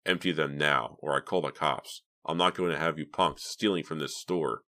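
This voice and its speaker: A man playing a gruff, insistent store cashier. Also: normal speed, heavily acted. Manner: low, flat and insistent. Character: stubborn middle-aged male store cashier, gruff.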